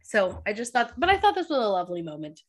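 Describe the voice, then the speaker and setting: A woman's voice: mid-range voice, quick pace. A woman co-hosting a podcast, chatting casually about a TV episode and acting out lines with lots of laughter. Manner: animated, giggly, acts out quotes. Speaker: podcast co-host. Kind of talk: casual chat recapping a TV episode. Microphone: podcast microphone.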